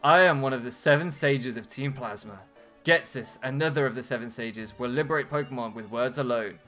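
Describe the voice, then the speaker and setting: A British man voicing a stern older male villain sage in a measured, cold way. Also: mid-range voice, pushed and bright, faint music behind, close to an everyday voice. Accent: British English.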